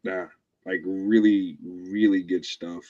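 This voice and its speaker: A man guesting on a casual movie review podcast, excitable and quick to jump in with opinions. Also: low-pitched, muffled recording. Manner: excitable, jumps in with opinions and laughs.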